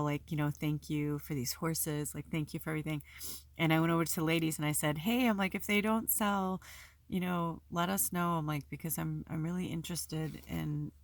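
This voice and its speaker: Woman, low voice, casual vlog chat, rambling, emotional, swears now and then, dry close sound. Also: gravelly, dry recording. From Pacific Northwest United States. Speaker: spiritual video host. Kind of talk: casual personal vlog talk. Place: at home.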